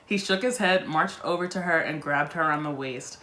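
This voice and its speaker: A woman's voice: deep voice, a little fast, a bit bright. A woman reading a book aloud on her video channel and breaking off for chatty, wry asides. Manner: chatty, wry asides between read passages. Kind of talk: casual chat while reading a book aloud.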